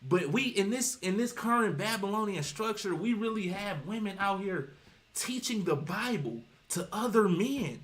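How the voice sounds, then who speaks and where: A man streams casual commentary with a voice pitched a little above the usual male range. He preaches with emphasis, cites scripture and rambles, doubling back on himself as he goes. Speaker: streamer commenting on reaction videos.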